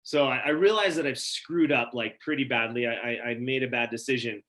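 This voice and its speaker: A man from Wyoming telling a personal story at a story slam, casual and animated with many "like" fillers. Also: medium pitch, a little fast.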